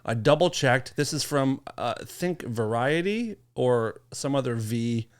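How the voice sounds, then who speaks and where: A podcast co-host in loose, casual chat, teasing the others and swearing freely. The voice swings widely in pitch, with a deadpan edge to the jokes. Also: a little slow.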